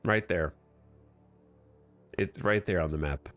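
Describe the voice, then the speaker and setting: A man from the United States giving casual, animated commentary as he streams a game and argues with his chat. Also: sits low, slow, music in the background. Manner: animated, argumentative, thinks aloud.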